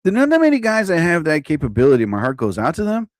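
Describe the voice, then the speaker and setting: A man's voice: on the high side, huge pitch swings, fast, dry recording. A man hosting a live stream, ranting in a rambling, profane way and often repeating himself. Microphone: own desk mic.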